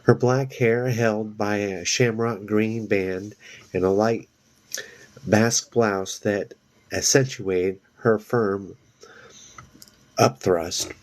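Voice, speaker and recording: A man reading a novel aloud, halting and restarting on words now and then. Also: fairly low pitch, steady tone, darkish tone. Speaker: reader.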